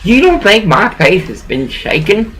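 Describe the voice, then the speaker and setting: A woman's voice: mid-range voice, big pitch swings, unhurried, poor audio. Rambling, preachy woman on laptop webcam. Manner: preachy, emotional, swinging between laughing and bitter. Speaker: vlogger. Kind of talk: rambling personal monologue.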